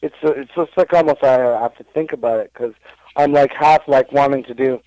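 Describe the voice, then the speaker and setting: A man's voice: medium pitch, fairly quick, warm tone, no echo, poor audio. A man being interviewed on a podcast, rambling through stories with lots of fillers and restarts. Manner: rambling storytelling, full of fillers and self-corrections. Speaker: interview guest, wrestling impressionist.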